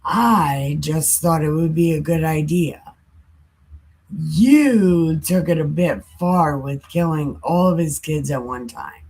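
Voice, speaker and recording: Sassy grumbling Satan, as a woman puts him on; husky, unhurried. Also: sits low, a little mellow, heavily acted. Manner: sassy back-talk. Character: sulky male Satan, mouthy and aggrieved.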